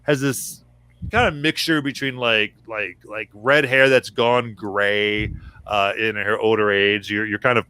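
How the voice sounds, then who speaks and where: A man game master narrating a tabletop game in a relaxed, halting way with many fillers. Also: fairly low pitch, clean tone, low-quality recording.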